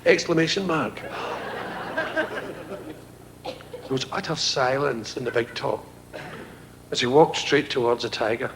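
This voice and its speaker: On a 1970s TV broadcast with light hiss, a stand-up comedian from Scotland with a Glaswegian accent spins stories and discusses his act. His voice has some vocal fry, and he's animated throughout, breaking into shrill, high-pitched voices when playing characters.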